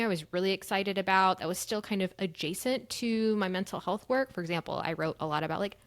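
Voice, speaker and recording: A woman's voice: lowish voice, no echo. A woman in her thirties co-hosting a podcast, talking in an earnest, reflective way and laughing easily. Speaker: podcast co-host. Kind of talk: casual podcast chat.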